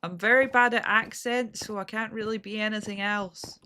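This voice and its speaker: A woman's voice: medium pitch, steady tone, moderate pace, pushed and bright, slight background noise. A woman chatting casually with friends while gaming, self-deprecating and often trailing off mid-sentence. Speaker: streamer playing with friends.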